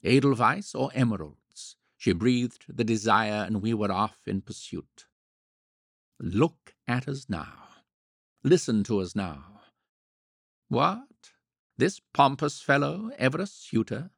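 A man reading a novel aloud in a wry, measured storytelling manner. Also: mid-range voice, very animated, vocal fry, husky, no echo, clean studio sound. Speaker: audiobook narrator. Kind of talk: scripted narration.

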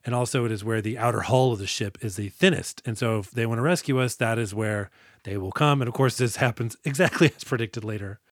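A man's voice: mid-range voice, fast talker, no room sound, clean studio sound. Guy on a podcast retelling a movie, jokey, keeps doing the characters' lines. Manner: joking, acts out quotes. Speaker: podcast co-host. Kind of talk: casual movie-recap chat.

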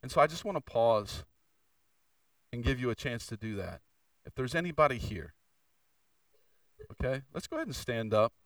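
A man preaching a sermon as pastor in a church, moving between fervent, raised passages and quieter, confessional asides. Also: medium pitch, lively intonation, normal speed, pauses often, dry recording, far from the mic, low-quality recording. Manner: preaching with rising intensity and candid confession. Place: church sanctuary.

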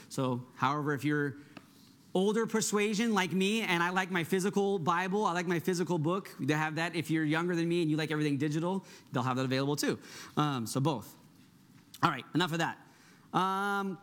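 Upbeat high-voiced male pastor. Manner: energetic, conversational, asks the congregation "right?". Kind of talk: sermon.

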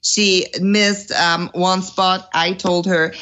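A woman's voice: on the low side, little pitch movement, slow, fairly bright tone. A woman in her thirties with a German accent, a guest chatting casually on a talk show, telling stories and laughing often. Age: 30s. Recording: dull lo-fi audio.

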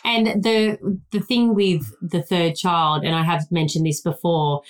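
A woman's voice: fairly low pitch, fairly even intonation, a little slow. A woman co-hosting a parenting podcast, speaking frankly and earnestly in casual chat. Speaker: podcast co-host, guest's wife.

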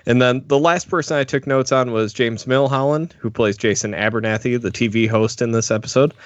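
A man co-hosts a casual podcast, easygoing and quick to laugh. His mid-range voice comes through a slightly dull, dry microphone. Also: mid-range voice, dry recording. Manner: laughing, easygoing, hands over segments. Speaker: podcast co-host. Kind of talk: casual chat.

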